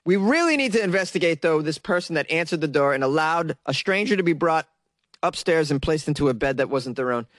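A man's voice: a little high, lively intonation, brisk, fairly bright tone, dry recording. A young man hosting a comedy show, stoned and giggly, riffing sarcastically on odd news stories. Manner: laid-back, giggly, sarcastic.

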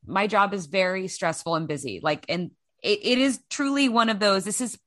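A young woman co-hosting a podcast, talking through loose, self-mocking stories in an easy, rambling way. She is recorded close up with a dry sound and almost no room echo. Her pitch sits in the middle range for a woman. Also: expressive, normal speed, fairly bright tone. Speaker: podcast co-host. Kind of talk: casual chat.

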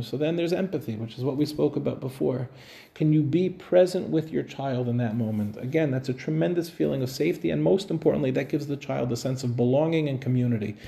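Man, middle-aged, rabbi talking to parents, gravelly, very mellow tone. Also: mid-range voice. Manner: conversational, asks the audience "right?". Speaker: rabbi giving a talk. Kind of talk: community talk to parents. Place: living room of a home.

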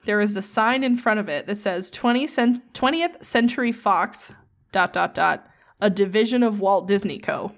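Chatty woman podcast co-host. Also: medium pitch. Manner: chatty storyteller, swears freely, quick asides. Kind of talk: casual podcast chat.

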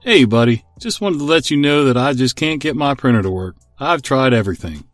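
A man's voice: medium pitch, lively intonation, fairly quick, no echo, faint music behind, voice pushed up, close to an everyday voice. A man voicing an easygoing male construction foreman who speaks in a friendly, casual way.

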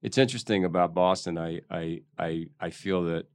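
A man in his sixties from Philadelphia, chatting as a guest in an interview. His voice is very deep, and he talks thoughtfully, often restarting as he searches for words. The recording is dry and close. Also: steady tone, normal speed, a little mellow, dry recording. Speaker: guest actor. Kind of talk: casual interview chat.

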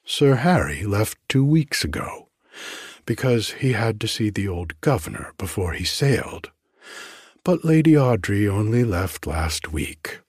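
A man's voice: on the low side, big pitch swings, unhurried, breathy edge, no echo, studio quality, full character voice. A man doing a grave, earnest seventeen-year-old girl. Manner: grave, earnest, a little stately. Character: bright, spirited young girl of seventeen.

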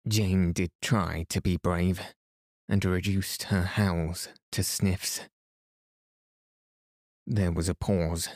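Slow, very deep-voiced male bedtime reader. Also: no room sound, studio quality. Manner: slow, soothing and even, lightly voicing the children. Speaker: podcast host and bedtime story reader. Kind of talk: calm bedtime story reading.

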